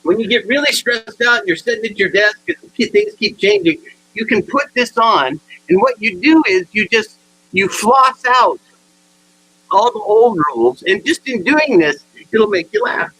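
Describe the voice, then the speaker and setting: Older guy in his 60s doing a funny keynote, high bright voice, kinda husky, bounces around a lot. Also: a little slow, rough recording. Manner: animated storyteller acting out dialogue. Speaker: keynote speaker. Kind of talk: humorous motivational storytelling.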